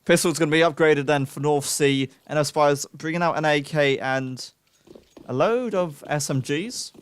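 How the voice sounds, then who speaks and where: A young man giving live play-by-play esports commentary, excitable, with self-mocking asides to chat. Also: on the high side, normal speed, clear, resonant tone. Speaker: esports caster.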